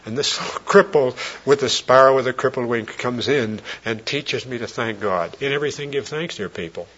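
A man preaching a sermon, telling a story earnestly and often dropping his voice soft and low. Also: moderate pace, hardly any pauses, husky. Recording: dull lo-fi old recording.

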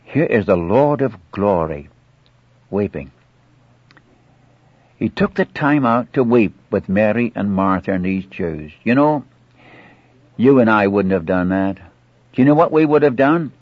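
A man's voice: on the low side, expressive, unhurried, long pauses, no echo. A man preaching an earnest sermon, acting out scripture dialogue and pleading directly with his listeners. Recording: muffled old dry recording.

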